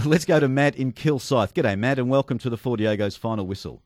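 A man's voice: mid-range voice, brisk, a little mellow, dry recording. A man hosting a sports talk radio show, chatty and full of anecdotes, speaking into a studio microphone. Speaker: host.

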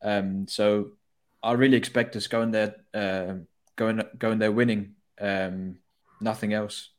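A man co-hosting a football podcast, offering his view hesitantly with many pauses. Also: on the low side, level tone. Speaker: podcast co-host. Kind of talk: casual football chat.

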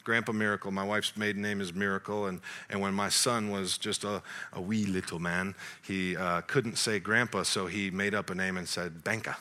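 A middle-aged man, a pastor, preaching a sermon through a family story and acting out the dialogue. He swings between loud excitement and quiet asides. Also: low voice, moderate pace.

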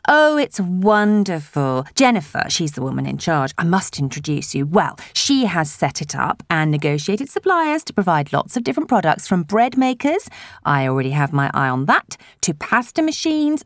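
A woman's voice: lowish voice, sing-song, normal speed, dry recording, studio quality. A woman voicing a chatty, nosy middle-aged village woman who gushes in breathless chatter, in an audiobook. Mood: gushing. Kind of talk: audiobook character voice.

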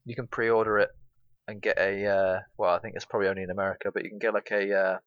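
A man's voice: lowish voice, level tone, quick pace, fairly bright tone, no echo, muffled recording. A man co-hosting a gaming podcast, rambling loosely in casual chat. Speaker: podcast co-host.

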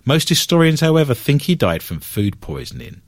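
A man's voice: mid-range voice, very animated, moderate pace, no room sound, studio quality. A man hosting a casual podcast, joking often and reading out news stories between laughs. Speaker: podcast host.

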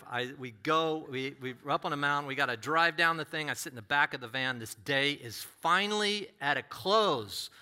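A middle-aged man preaching, who tells a personal story with animated delivery and acts out other voices. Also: mid-range voice, smooth. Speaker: pastor.

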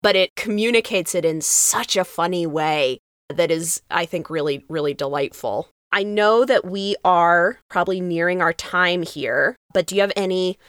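A woman pastor co-hosting a podcast, chatting in an animated way, laughing easily and acting out quotes. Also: on the low side, moderate pace, clean tone, no echo, clean studio sound. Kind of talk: casual chat.

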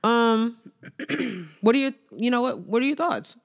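A woman co-hosting a casual music chat, animated and slangy, often repeating herself. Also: a little high, unhurried, gravelly. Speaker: podcast co-host.

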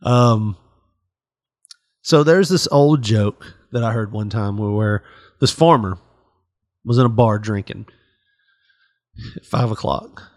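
A man's voice: on the low side, takes it slowly, pauses often, no echo, studio quality. Casual rambling podcast host man. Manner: rambling, profane, laughs often. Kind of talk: casual chat.

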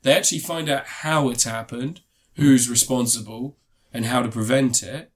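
A man's voice: mid-range voice, fairly even intonation, normal speed. Rambling man reviewing a TV series. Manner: rambling, frequent ums and restarts. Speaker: podcast co-host reviewing TV. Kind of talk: casual review chat.

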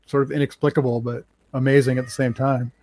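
A man's voice: medium pitch, fast. A man who runs a record label, telling stories in a rambling casual chat with many fillers. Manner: rambling, animated, acts out quotes with many fillers.

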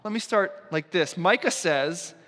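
A male pastor preaching a sermon in a church, with a deliberate, emphatic delivery and dramatic pauses. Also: high voice, lively intonation, a bit bright. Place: church sanctuary. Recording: long church reverb.

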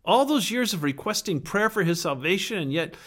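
A man preaching a sermon in an earnest, emphatic way, with dramatic pauses and some words dropped almost to a whisper. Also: sits high, lively intonation, a bit bright. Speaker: pastor.

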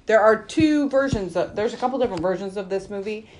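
A woman's voice: mid-range voice, expressive, quick pace, darkish tone. A woman hosting a casual podcast, reading out film reviews and laughing through her own lines. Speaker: podcast host.

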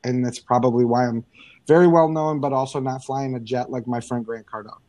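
Fast-talking middle-aged man telling stories. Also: medium pitch, a little hiss or hum. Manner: energetic storyteller, lots of fillers and restarts. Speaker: guest, business owner. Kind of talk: casual interview talk.

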